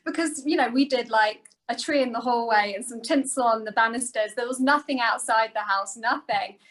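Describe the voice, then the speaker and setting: A woman's voice: on the high side, normal speed, fairly bright tone, poor audio. A woman co-hosting a talk show, chatting with enthusiasm and talking straight to the audience. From outside the United States. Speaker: co-host. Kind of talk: casual chat.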